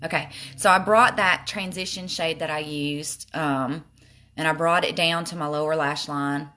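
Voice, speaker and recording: A woman's voice: low voice, steady tone, moderate pace, pushed and bright. Chatty Southern woman doing her makeup. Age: older. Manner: chatty, self-deprecating, reads comments aloud. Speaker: makeup live streamer. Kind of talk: casual makeup tutorial live stream.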